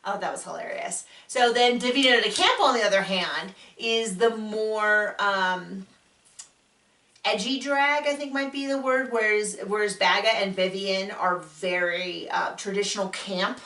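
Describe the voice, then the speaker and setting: A bright, chatty American woman hosts a podcast, giving a casual spoken review of a TV show at a measured pace. She's enthusiastic and acts out quotes with big pitch jumps. The recording is from a distance in an echoey room, leaving her voice a bit off-mic.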